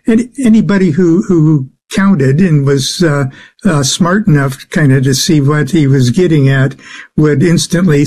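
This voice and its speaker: A man answering interview questions as a guest, speaking haltingly with many filler sounds. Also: on the high side, a little mellow. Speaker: guest expert on the occult.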